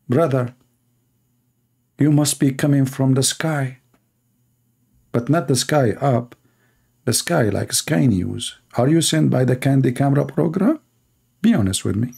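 A man's voice: mid-range voice, measured pace, creaky, long pauses, darkish tone, slightly rough. A man hosting a live stream, mocking and sarcastic, in broken English. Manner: sarcastic, mocking, non-native English grammar. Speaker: debate stream host.

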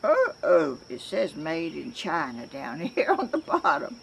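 Slow gravelly Southern woman. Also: sits low, wildly swooping pitch, a little hiss or hum. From Georgia, US. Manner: rambling, chatty, with many restarts. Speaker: crafts vlogger. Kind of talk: casual chat to camera.

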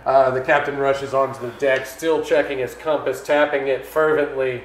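A man running a tabletop game as game master, narrating the scene at a steady pace and calling for dice rolls. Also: medium pitch, normal speed. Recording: echoey room, faint noise.

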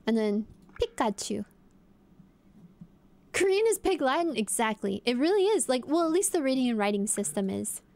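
A woman's voice: high-pitched, darkish tone. A young woman streamer chatting casually and playfully, guessing aloud and talking to her viewers. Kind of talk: casual live-stream chat.

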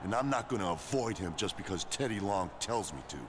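A man playing a gruff, defensive wrestler in a video game cutscene, with a lowish voice and blunt, curt delivery. The game audio carries a clear layer of background noise. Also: expressive, a little fast, lightly acted. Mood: earnest.

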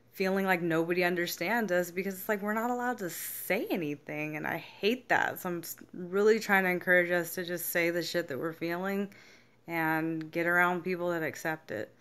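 Young woman vlogging, frank and sweary, lowish voice, acts out what ppl said. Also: fairly bright tone. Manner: frank, swears freely, acts out quoted reactions. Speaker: self-help vlogger. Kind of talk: casual candid monologue.

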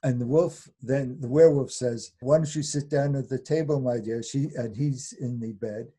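An older man with a mellow, slightly husky voice tells a folk tale as an interview guest. He chuckles often and briefly acts out the characters' lines as he goes. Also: medium pitch, moderate pace. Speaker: fairy tale scholar guest. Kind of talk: animated storytelling in interview.

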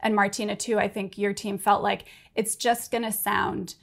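A woman podcast producer speaks on a panel at a medium pitch. She explains her points thoughtfully, with fillers and restarts as she goes. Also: flat delivery, moderate pace, gravelly. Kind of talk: panel discussion.

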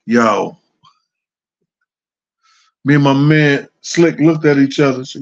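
A man's voice: medium pitch, slow. Middle-aged male host spinning loose anecdotes off the cuff, chuckling, mid-range voice, slightly dull line. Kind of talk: casual storytelling.

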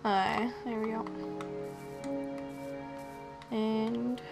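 A woman's voice: fairly high pitch, flat delivery, extremely slow, creaky, loud music behind the voice. A young woman chatting playfully while playing a video game, greeting the animals she meets. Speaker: gamer. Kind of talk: casual game commentary.

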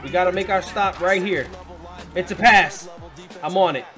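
Young guy doing lets play commentary, super high bright voice, swears a lot, yells at the game, music going behind. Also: normal speed. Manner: excitable, swearing, yelling at the game. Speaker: gaming commentator.

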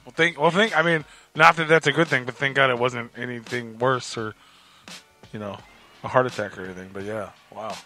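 A man's voice: medium pitch, steady tone, brisk, bright, forceful tone, faint music behind. A man hosting a radio interview, reacting to his guest and asking loose, rambling questions. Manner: reactive, rambling, many restarts. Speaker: radio show host. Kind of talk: casual interview chat.

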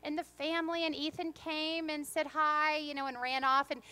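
Lady pastor w a high voice, preaching in church, goes from serious and thoughtful to jokey stories. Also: moderate pace. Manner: expressive storyteller, shifts between earnest reflection and playful humor. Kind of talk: sermon. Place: church sanctuary.

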